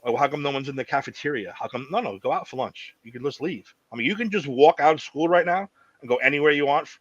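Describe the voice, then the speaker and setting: A man's voice: a little high, lively intonation, fast talker, no room sound, muffled recording. Swearing man in casual chat, dry sound. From New York City. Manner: profane, emphatic storytelling. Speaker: podcast co-host.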